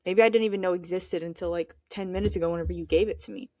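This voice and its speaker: A woman's voice: lowish voice, fairly even intonation, very fast, mellow, no room sound, studio quality. A teenage girl hosting a solo podcast, chatting casually and giving her opinions while she thinks aloud with lots of fillers. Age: teens. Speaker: podcast host.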